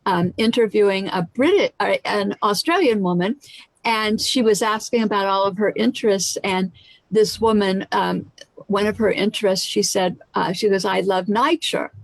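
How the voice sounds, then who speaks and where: A woman's voice: mid-range voice, moderate pace, no room sound, poor audio. An American woman hosting a casual group chat who tells stories with animation and acts out other people's voices. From United States.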